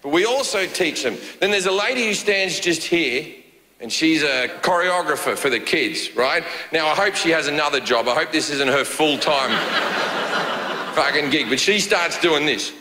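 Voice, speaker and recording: A man's voice: a little high, expressive, measured pace, a crowd in the background. A middle-aged man with an Australian accent doing a profane stand-up comedy set, telling stories and acting out other people's voices. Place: large theater stage. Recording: echoey hall, live audience. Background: audience laughter.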